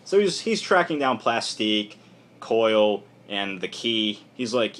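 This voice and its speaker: A young comic book reviewer gives a casual spoken review that rambles loosely and offhandedly, packed with fillers, lots of "like," and restarts. His voice is fairly low and fairly bright, swinging widely in pitch as he takes his time.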